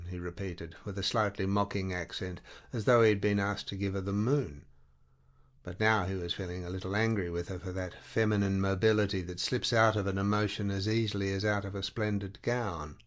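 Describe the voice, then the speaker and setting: A man reading a literary short story aloud as narrator, in a measured, deliberate way. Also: sits low, fairly even intonation.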